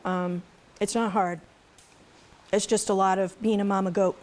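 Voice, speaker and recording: This mid-range, darkish voice belongs to a middle-aged goat farmer speaking at a conference; her tone is steady and her speed normal. She chats casually with the live audience, laughing along with her stories and offering asides about her faith.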